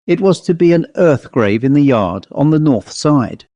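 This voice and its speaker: A man voicing an old-fashioned country rector who speaks crisply and a little impatiently. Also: a little high, expressive, normal speed, warm tone, dry recording, lo-fi sound. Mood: brisk. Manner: crisp, clipped and somewhat impatient. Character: brisk, fussy male country rector.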